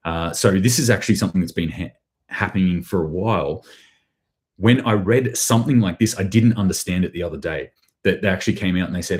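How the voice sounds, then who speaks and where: Low-voiced sardonic Australian man. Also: fairly quick, darkish tone. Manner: sardonic, rambling, with dry sarcasm. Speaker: prepping channel host. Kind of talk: casual live news commentary.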